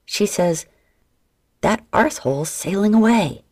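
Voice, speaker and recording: A woman voicing a blunt male pirate crewman with a loud, bellowing voice. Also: high-pitched, lively intonation, unhurried, voice pushed up, heavily acted.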